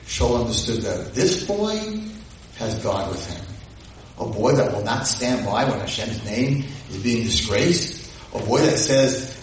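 A man giving a lively, dramatic Torah lecture, retelling and translating a story verse by verse, recorded from a distance in an echoey hall. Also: medium pitch, unhurried, slight background noise.

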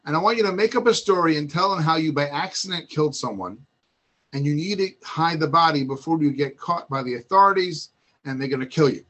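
A man voicing a wise older father calmly instructing his son in a retold Torah story. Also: on the high side, brisk. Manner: calm, instructive.

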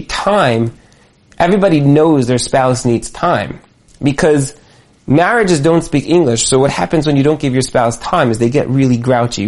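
Male Torah teacher, lively delivery, mid-pitched voice, slips into acted dialogue. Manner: lively, acts out imagined dialogue. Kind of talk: animated religious class.

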